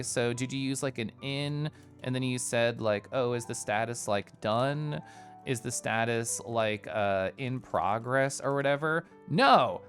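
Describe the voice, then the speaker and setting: A man in casual stream chat, telling a work story in an animated way, mocking others in quoted voices and laughing often. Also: mid-range voice. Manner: laughs often while talking.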